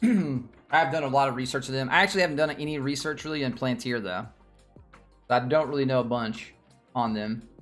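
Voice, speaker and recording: A man's voice: medium pitch, brisk, fairly bright tone, faint music behind. A man from Nashville with a Southern twang, hosting a casual live stream and thinking aloud in a rambling, slangy way. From Nashville, Tennessee. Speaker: stock stream host.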